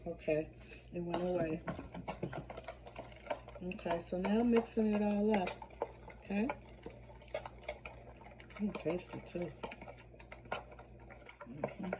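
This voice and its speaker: Woman, home cooking vlogger, chatty and easygoing, lower register; muffled lo-fi kitchen recording with clear background noise. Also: slow, long pauses. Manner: chatty, talks to viewers while cooking, hums and exclaims. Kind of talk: casual cooking vlog chat.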